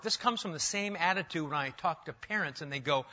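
A middle-aged man preaching a sermon, emphatic, rising loud and then dropping to a hush. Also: fairly high pitch, expressive, brisk, hardly any pauses. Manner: emphatic, swings between loud and hushed. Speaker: pastor. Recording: dull lo-fi sound.

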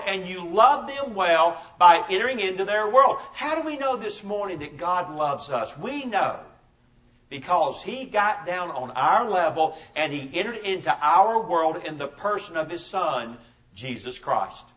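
A man's voice: sits high, expressive, a little slow, a bit bright, distant mic. Emphatic pastor in his fifties preaching. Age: 50s. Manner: emphatic storytelling with repeated phrases. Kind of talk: sermon. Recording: dull lo-fi sermon recording.

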